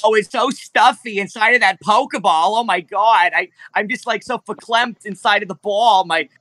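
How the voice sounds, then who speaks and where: A man's voice: high-pitched, normal speed, sharp tone, no room sound, voice pushed up. A man voicing a fussy, hungry male pet T-Rex who talks in a whiny, nasal, complaining way.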